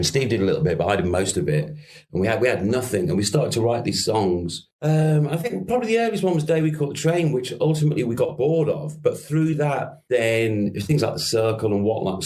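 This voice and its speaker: A man's voice: on the low side, a little mellow. A middle-aged man from Merseyside with a Scouse accent, a musician guest in a podcast interview, rambling through anecdotes with laughs and casual swearing. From Merseyside, England.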